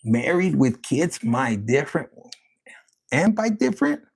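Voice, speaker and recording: A man giving a casual tarot reading, rambling, profane and excitable. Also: a little high, unhurried, gravelly, breathy edge. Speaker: tarot reader.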